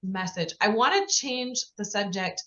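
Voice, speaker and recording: A woman hosting a podcast interview, responding in an affirming way and talking in quick run-on sentences. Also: mid-range voice, animated, pushed and bright. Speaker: podcast host. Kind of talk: casual interview chat. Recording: slightly dull lo-fi audio.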